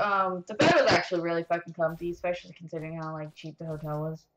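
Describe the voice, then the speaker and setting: A young woman rambles through a profane storytime while she plays a game, her voice animated and full of frustration. The room rings with echo, and faint noise sits under her voice. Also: lowish voice, fast talker, few pauses. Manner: rambling, heavy swearing, animated venting. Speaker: gaming streamer.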